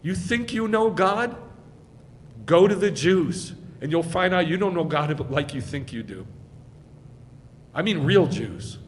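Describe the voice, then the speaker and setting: A rabbi with an American accent preaches in a loose, conversational way, pressing hard on some phrases and dropping low on others. His voice sits a little high for a man. The hall leaves a long tail of reverb, with a faint rumble underneath. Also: lively intonation, a little slow, pauses often. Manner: emphatic, conversational preaching with wide swings in loudness. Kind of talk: sermon. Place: congregation hall.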